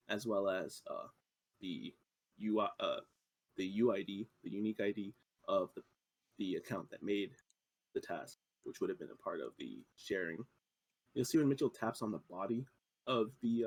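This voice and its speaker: Student presenter, young man, husky and lowish, halting explainer, dry sound. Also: dry recording. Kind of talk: software demo walkthrough.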